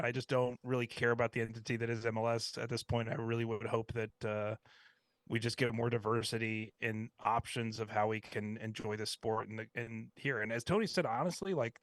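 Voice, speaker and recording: A man's voice: mid-range voice, no echo. A man co-hosting a casual podcast, reflective and earnest. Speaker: podcast co-host.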